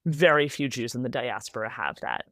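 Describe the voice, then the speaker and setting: A woman from the United States, an author being interviewed, speaking rapidly in an animated way with many "like"s and tag questions. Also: extremely low pitch, no echo, studio quality. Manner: animated, rapid, filler-heavy with frequent "like" and "right?". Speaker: author, guest. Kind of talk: conversational interview answers.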